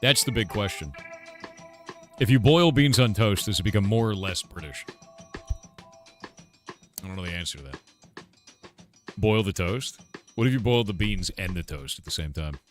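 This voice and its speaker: A man's voice: lowish voice, lively intonation, normal speed, long pauses, soft background music. A middle-aged American man streaming live, riffing and joking with his chat in loose banter. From United States. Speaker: game developer streamer.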